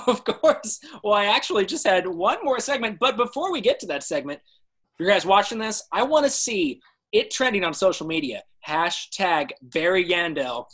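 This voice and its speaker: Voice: mid-range voice, expressive, moderate pace, a bit bright. A host of a live interview show, upbeat and chatty as she hands off to the next segment. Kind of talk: casual interview chat.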